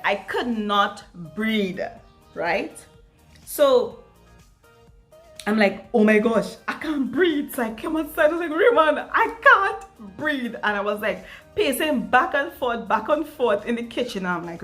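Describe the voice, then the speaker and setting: Lady vlogging, lots of "like", repeats stuff for emphasis, middle pitch. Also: a bit bright. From Trinidad. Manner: emphatic storytelling with many repeats and "like" fillers. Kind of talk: get-ready-with-me chat vlog.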